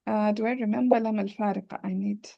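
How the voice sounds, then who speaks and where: A woman's voice: medium pitch, fairly even intonation, fast talker, creaky, lo-fi sound. A woman teaching Arabic grammar in an online class, thinking aloud and often checking that students follow. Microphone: video call.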